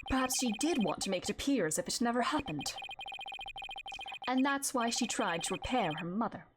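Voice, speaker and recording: A woman voicing a composed, stern male chief prosecutor with formal, measured delivery, reading game dialogue aloud. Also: on the high side, lively intonation, heavy background noise, lightly acted. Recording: loud game music behind.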